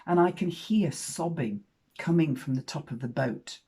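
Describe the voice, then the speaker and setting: A woman in her fifties tells a personal story frankly, swearing and swinging in loudness for emphasis. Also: low voice, lively intonation, a little slow, breathy edge. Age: 50s.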